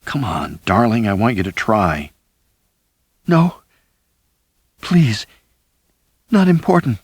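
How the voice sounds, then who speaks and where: A man voicing a frail, dying woman who pleads in a faint, breathy whisper, as whispered role-play in an audiobook. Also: low-pitched, expressive, normal speed, a bit bright, no echo, full character voice. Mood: agitated. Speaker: audiobook narrator.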